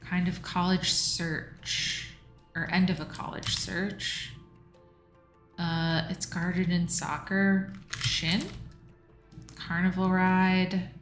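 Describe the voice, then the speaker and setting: A woman's voice: fairly low pitch, level tone, extremely slow, a bit bright, faint music behind. A woman livestreaming a crossword solve, reading clues aloud and musing over answers in casual think-aloud talk. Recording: roomy echo.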